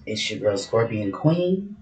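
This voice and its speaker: A woman's voice: a bass voice, very animated, a little slow, a little mellow. Brash, profane woman doing a casual tarot reading, recorded in a roomy, echoing space. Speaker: tarot reader. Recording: roomy echo.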